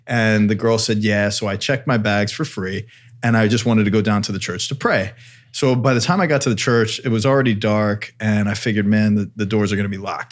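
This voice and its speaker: A man co-hosting a podcast, telling a story in a casual chat and acting out the voices of people in it. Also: on the low side. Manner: animated storyteller, acts out voices. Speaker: podcast co-host.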